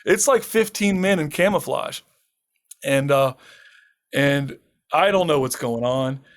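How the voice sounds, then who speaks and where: A man's voice: a little high, slow. A man telling a dramatic personal story as a podcast guest, acting out the lines of the people in it and laughing often. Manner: lively anecdote teller who acts out quoted lines, laughs often. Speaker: guest, permaculture farmer and author. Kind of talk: animated storytelling in a podcast interview.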